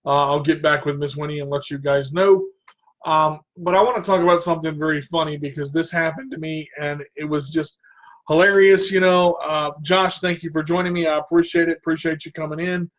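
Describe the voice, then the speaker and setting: High-voiced man hosting his radio show. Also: a little fast. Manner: animated, rambling, breaks into goofy singing. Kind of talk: casual storytelling monologue.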